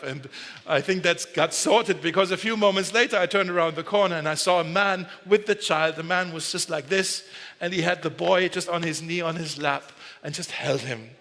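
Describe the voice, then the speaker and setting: This pastor's voice is fairly high, pushed and bright, moving at a moderate pace. He preaches casually and with humor, correcting himself mid-sentence, while the large church hall adds a long reverb.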